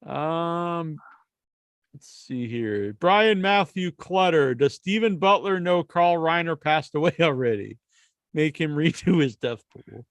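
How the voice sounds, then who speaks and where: A man's voice: on the high side, animated, slow, no echo. A man hosting a podcast in casual chat, rambling and laughing often. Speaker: podcast host.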